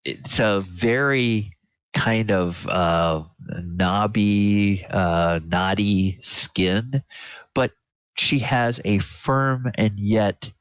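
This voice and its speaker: A man narrating as game master, slow and searching with many fillers. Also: on the low side, clear, resonant tone, dry recording. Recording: dull lo-fi audio.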